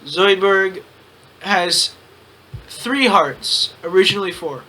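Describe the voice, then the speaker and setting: Brief: young male reader, high voice, bright tone, giggly and quick to laugh. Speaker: co-host reading a fan story. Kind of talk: comedic reading with banter.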